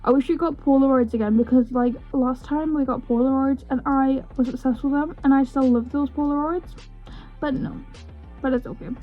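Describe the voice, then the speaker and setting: Young woman vlogger, excitable casual chatter, high voice, soft faint music underneath. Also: moderate pace, lo-fi sound. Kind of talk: casual unboxing vlog.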